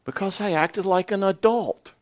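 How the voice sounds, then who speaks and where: A man in his sixties, a psychologist giving a folksy, animated seminar talk on marriage, often acting out conversations. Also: sits high, normal speed. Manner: animated, folksy, acts out dialogue. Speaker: psychologist and speaker.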